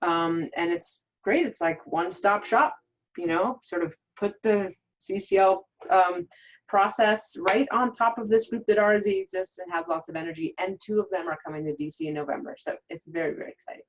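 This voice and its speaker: A woman's voice: medium pitch, normal speed, muffled recording. A woman, a regional coordinator, gives an earnest, upbeat webinar presentation with many filler ums.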